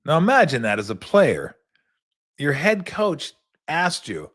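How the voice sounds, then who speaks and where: A middle-aged man hosting a talk show and telling an animated story, often repeating words as he goes. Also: on the high side, takes it slowly. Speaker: host, former basketball player. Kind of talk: casual storytelling.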